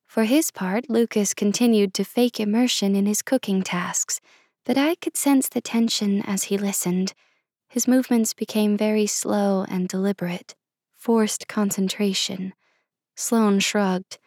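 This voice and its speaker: A woman reading first-person fiction aloud, measured and expressive. She reads at a slow, deliberate pace in a middle pitch. The recording is close and dry. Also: no room sound. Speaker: audiobook narrator.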